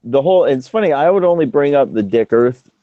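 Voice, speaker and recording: A man's voice: medium pitch, animated, fairly quick, no echo. A man in a casual chat, laid-back and joking crudely. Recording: dry, dull lo-fi audio.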